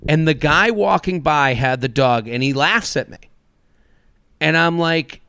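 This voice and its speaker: A man hosting a comedy podcast, telling a complaint story in an animated, exaggerated way. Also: unhurried, gravelly, clear, resonant tone, no echo, clean studio sound. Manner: animated storyteller, jumps up in pitch when acting out people. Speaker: podcast host. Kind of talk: casual comedic complaint chat. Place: New York City.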